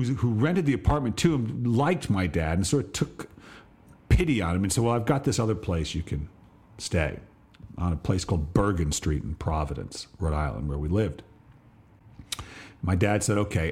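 A middle-aged man and podcast host telling a reflective personal story, slowing on details and restarting phrases. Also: deep voice, a little mellow, breathy edge. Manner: reflective, pauses and restarts, slows on vivid details.

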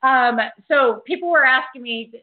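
A woman's voice: high-pitched, a little slow. A woman hosting a casual interview, enthusiastic and laughing along with her guest. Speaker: interview host. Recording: tinny phone line.

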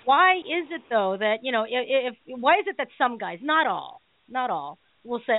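A woman's voice: a little high, big pitch swings, normal speed, hardly any pauses, no echo. A woman in her thirties co-hosting a radio talk show, telling a story casually with lots of fillers and laughs. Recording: dry, phone-like thin sound.

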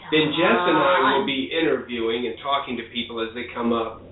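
A man's voice: mid-range voice, brisk, crowd noise. A man co-hosting a casual talk show, rambling and often restarting his sentences. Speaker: show host. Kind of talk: casual radio chat. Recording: tinny phone-like line, echoey.

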